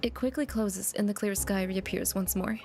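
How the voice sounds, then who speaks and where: A woman's voice: medium pitch, moderate pace, a little mellow, faint music behind. A young woman streamer reading a story game aloud and chatting casually with viewers. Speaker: VTuber streamer.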